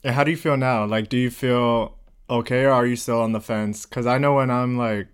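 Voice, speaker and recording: A woman's voice: very deep voice, fairly even intonation, fairly quick, clean tone. A woman co-hosting a podcast in casual chat. She cuts in with short, blunt, supportive remarks and swears often. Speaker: podcast co-host.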